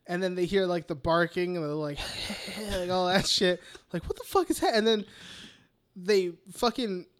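Tired, high-pitched male podcast co-host. Rambling, profane film recap with acted-out bits. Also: a bit bright, smooth. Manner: rambling, swears a lot, acts out characters in voices. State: tired, yawning. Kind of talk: casual film recap chat.

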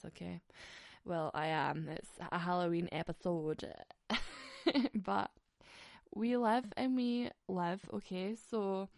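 A woman's voice: lowish voice, vocal fry, no room sound, clean studio sound. A woman, hosting a podcast and ranting in a casual, comic monologue, often giggling and swearing. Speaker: podcast host.

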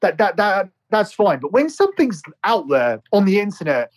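A man's voice: high-pitched, sing-song, normal speed, poor audio. A man co-hosting a podcast in casual chat, rambling and restarting his sentences in a start-stop way. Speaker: podcast co-host.

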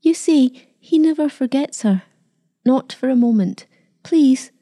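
A woman reading a sad, quiet young bride. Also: medium pitch, unhurried, close to an everyday voice. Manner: quiet, plain-spoken, close to tears. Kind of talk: storybook reading.

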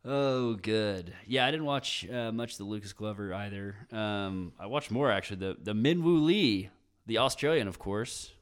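A young man hosts a laid-back podcast. His voice sits low and comes across smooth and resonant. He jokes crudely and laughs a lot between remarks. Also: normal speed. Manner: joking, crude, laughs often. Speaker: podcast host. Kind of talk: casual podcast chat.

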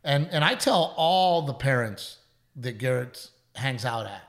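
A male podcast co-host chats casually and tells earnest stories, his medium-pitched voice dropping to a hush when they turn heartfelt. He sounds expressive and speaks a little slowly.

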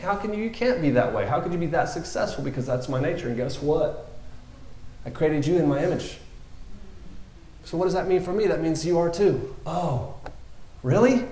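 A man's voice: fairly high pitch, a little mellow. Casual rambling male preacher, roomy sound. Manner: rambling and conversational, lots of fillers. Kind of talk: informal sermon.

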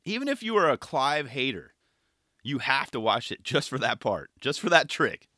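A man in casual commentary, talking in relaxed skater slang with constant "right?" tags. His voice is bright and forceful and jumps all over in pitch. The recording is close and dry. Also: moderate pace, dry recording. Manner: laid-back skater slang, animated; keeps asking "right?" and "you know". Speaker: skate video reviewer.

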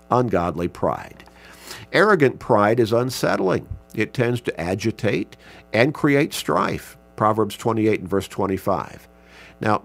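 A man teaching a Bible class, speaking in a slow, measured way and reading scripture passages aloud with emphasis. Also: lowish voice, gravelly. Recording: mains hum in background.

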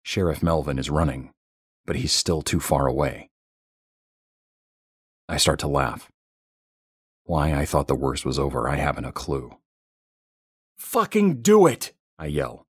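A man with an extremely low, husky voice reads a first-person horror story in a tense, measured way. The recording is dry and close, with no room sound. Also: fairly even intonation, no room sound. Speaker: narrator.

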